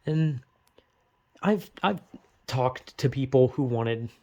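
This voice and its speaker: A man's voice: medium pitch, expressive, takes it slowly, warm tone. A young man talks straight to the camera in a rambling, emotional monologue. He swears freely, puts himself down, and breaks into urgent bursts of encouragement. His voice sits in an everyday middle register. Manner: rambling, swears a lot, self-critical; urgent, pep-talk bursts.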